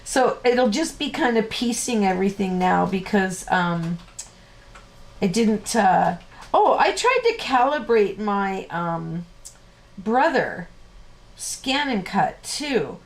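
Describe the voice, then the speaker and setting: Woman, live craft host; loose, chatty, self-interrupting, quick to laugh. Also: medium pitch, big pitch swings. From Canada. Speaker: card-making tutorial host. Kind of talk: casual chatty live tutorial.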